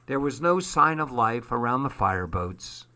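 A man reading a children's storybook aloud in a slow, measured way. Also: medium pitch, big pitch swings, pushed and bright. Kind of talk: storybook narration.

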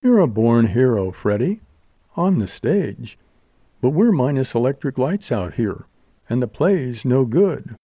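A man's voice: medium pitch, big pitch swings, a little slow, dark tone, no echo, muffled recording. A man voicing a languid, wisecracking young showgirl in an audiobook, with a drawling purr. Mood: teasing. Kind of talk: audiobook character voice.

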